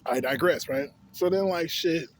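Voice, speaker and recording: A young man rants in a loose, storytelling way. His voice sits a little higher than most men's. He swears freely, sounds exasperated, and laughs between his complaints. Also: moderate pace. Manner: profane, exasperated, laughing asides. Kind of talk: casual storytelling rant.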